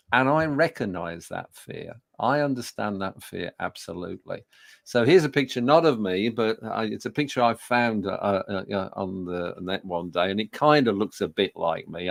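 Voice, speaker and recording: A man's voice: on the low side, moderate pace, creaky, no room sound, studio quality. A man, telling self-deprecating stories in a business talk, with frequent fillers and restarts. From Birmingham, England. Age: 60s. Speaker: public speaking trainer. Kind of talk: storytelling business talk to an audience.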